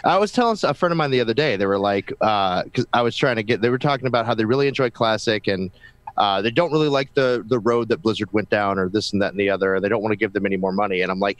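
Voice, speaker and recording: A man co-hosting a casual gaming podcast, chatty and telling anecdotes in quick runs. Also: fairly low pitch, dry recording. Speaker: podcast co-host.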